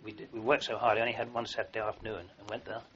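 Older man, bright tense voice, dull recording. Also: fairly low pitch, level tone, racing, a little hiss or hum. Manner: rambling anecdotal storytelling with many fillers and restarts. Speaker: interviewee, army veteran. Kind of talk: oral history recollection.

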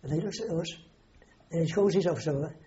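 A man's voice: on the high side, fast, mellow. An older man, recalling wartime memories in a rambling, salty way, swearing often. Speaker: war veteran interviewee. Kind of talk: oral history recollection. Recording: dull lo-fi recording.

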